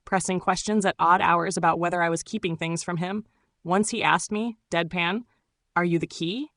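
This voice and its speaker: A woman narrating a first-person story in a measured, steady way. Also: on the low side, dry recording.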